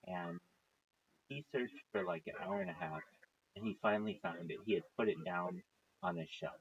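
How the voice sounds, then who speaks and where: Give me a man telling a rambling, swear-filled livestream story in a lively, gravelly voice over dull lo-fi audio. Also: mid-range voice, brisk.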